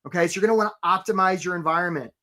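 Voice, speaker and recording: A man coaching job seekers on a live webinar, animated and casual, often stopping to greet attendees by name. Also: sits high, racing. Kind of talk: energetic live webinar talk.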